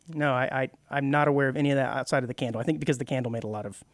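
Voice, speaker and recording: A man's voice: medium pitch, expressive, very fast, no room sound. A man co-hosting a radio show, explaining at length in casual chat with many restarts. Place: radio studio.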